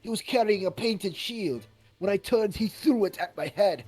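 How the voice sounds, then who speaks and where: A heroic robot knight from a game , as a player impersonates him, proclaims everything grandly in a mock Russian accent. The delivery is boastful and theatrical, and the pitch rises and falls widely over soft game music. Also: animated, moderate pace, close to an everyday voice.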